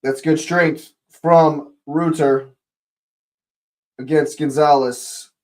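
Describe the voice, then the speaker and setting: A man hosting a live fan watch-along, calling the match as it happens and shouting at the big moments. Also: fairly high pitch, fairly even intonation, drawn-out words.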